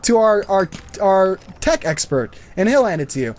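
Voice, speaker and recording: A man's voice: high voice, big pitch swings, moderate pace, a little mellow. A man voicing a worn-out female store clerk at her wit's end, sounding pleading and exasperated. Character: worn-out young woman store clerk near tears.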